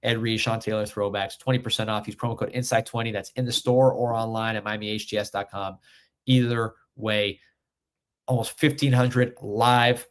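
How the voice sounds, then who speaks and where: A man's voice: fairly low pitch, moderate pace, clear, resonant tone. Guy hosting a live sports stream, hyped, a bit out of breath, lots of ums. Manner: excited, reads chat and rankings aloud, frequent fillers. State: a little out of breath. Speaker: sports recruiting livestream host. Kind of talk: casual livestream commentary.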